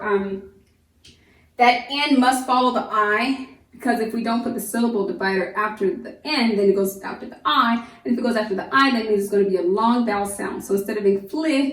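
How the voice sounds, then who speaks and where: A woman homeschool teacher giving a phonics lesson to young children, stretching out each word slowly and explaining patiently. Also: fairly high pitch, far from the mic. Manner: slow, drawn-out sounding of words, patient explaining. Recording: echoey room, voice off-mic.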